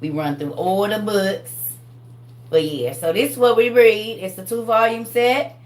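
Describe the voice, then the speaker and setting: Animated woman hosting a livestream. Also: mid-range voice, unhurried, roomy sound. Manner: animated, laughing, talks straight to her viewers. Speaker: host of a live online class. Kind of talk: casual livestream teaching chat.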